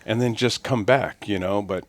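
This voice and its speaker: A man with a lowish voice talks casually as a podcast guest, loose and easygoing, leaning on "you know" and "man." His voice sounds dry and close. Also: moderate pace, no echo. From East Los Angeles. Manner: laid-back, lots of "you know" and "man". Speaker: guest tattoo artist.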